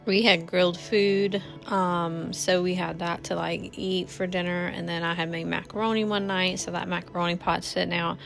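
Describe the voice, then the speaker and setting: A woman's voice: on the low side, level tone, moderate pace, creaky, few pauses. A woman, chatting casually to viewers while cleaning her home kitchen. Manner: chatty, addresses viewers as y'all. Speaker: cleaning vlogger. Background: faint music.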